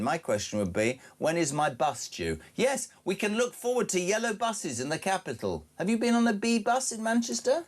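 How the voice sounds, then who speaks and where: A man hosting a radio phone-in, reading out listener messages and ranting with indignation. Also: a little high. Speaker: radio show host. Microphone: studio microphone.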